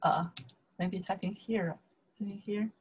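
A woman's voice: medium pitch, fairly even intonation, darkish tone, husky. A woman with a Chinese accent teaching Chinese, speaking English as a second language and patiently repeating words and tones. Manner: slow and patient, repeating words and tones, often checking with "okay" and "right". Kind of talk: slow casual language lesson.

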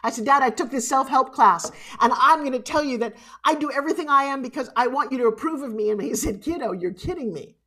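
Animated woman motivational speaker. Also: sits high, quick pace, hardly any pauses. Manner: animated and emotional, swings from loud to hushed. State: tearful at times. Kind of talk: live motivational keynote speech.

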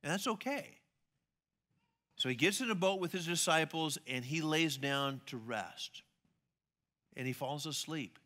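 A man delivering a sermon in a church. His voice is very bright and sits slightly high. He tells the story with energy and acts out panicked lines. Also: expressive, a little slow, pauses often. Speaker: pastor.

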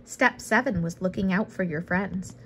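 A woman reading a picture book aloud for the first time, adding relaxed, casual asides. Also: medium pitch, normal speed, a little hiss or hum. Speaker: storybook reader.

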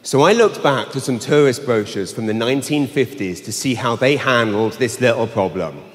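Brash sweary London comedian. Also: male voice, mid-range voice, lively intonation, moderate pace. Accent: London English. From England. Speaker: stand-up comedian. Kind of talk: live stand-up set. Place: large arena, live audience. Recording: live arena with long reverb, faint hum.

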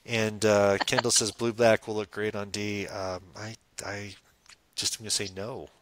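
A man hosting a live podcast, playful and teasing, with many pauses and fillers. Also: lowish voice, flat delivery, a bit bright, no room sound. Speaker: psychic medium podcast host. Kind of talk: casual live podcast chat.

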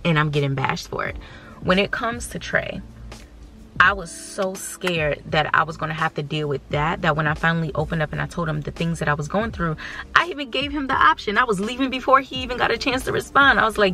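A woman's voice: lowish voice, normal speed, bright, forceful tone, soft background music. A woman in her thirties from the United States, talking candidly and emotionally to her viewers in a casual vlog. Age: 30s. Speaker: vlogger.

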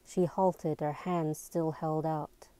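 A woman reading a novel aloud in a slow, even and deliberate storybook narration. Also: sits low, clean tone, dry recording. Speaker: amateur reader.

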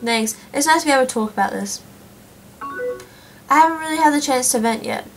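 A young woman talks through a breakup in chat messages, read aloud by a woman gamer. The reading is soft and plain. The voice sits slightly high. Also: expressive, fairly quick, faint music behind, poor audio. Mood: quiet. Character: young woman chatting online after a breakup. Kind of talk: reading in-game chat lines.

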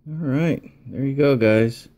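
A man's voice: mid-range voice, a little slow, mellow. A man chatting casually as he explains a repair step by step at a home workbench. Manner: chatty, folksy, thinking aloud while working. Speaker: electronics repair hobbyist.

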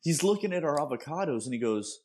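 Animated man, lively podcast storyteller. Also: fairly high pitch, fast. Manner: animated storyteller, dry jokes. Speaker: podcast co-host. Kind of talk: casual chat.

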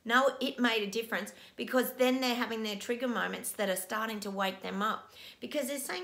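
A woman's voice: a little high, a little fast, creaky, a bit bright. A middle-aged woman vlogging as a psychic, emotional and breathless, laughing often and near tears. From Australia. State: overwhelmed, teary. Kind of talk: casual video monologue.

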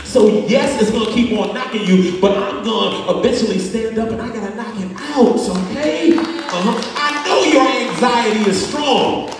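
A man with a fairly high voice preaches a lively, joking sermon, chatting with his congregation between points. His voice sounds a little far from the mic and rings through a large church hall with a long echo. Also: normal speed, music in the background. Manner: animated, conversational preaching with humor. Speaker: pastor. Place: church sanctuary.

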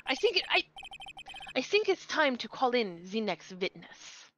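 A woman's voice: on the high side, very animated, normal speed, a little hiss or hum, rough recording. A woman reading aloud as a haughty, arrogant young female prosecutor from a video game.

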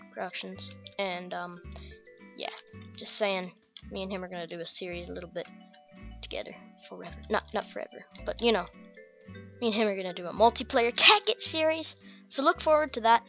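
A woman's voice: mid-range voice, a bit bright. A woman with an American accent hosting casual Minecraft gameplay commentary in a rambling, goofy, chatty way. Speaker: gaming channel host.

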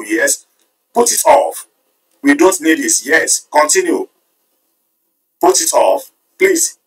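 A man hosting a live stream, reading viewer comments aloud and tallying their votes in an animated way. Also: a little high, slow pace, pauses often, distant mic, poor audio. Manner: animated, switching between Yoruba and English, counting votes aloud. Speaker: livestream host.

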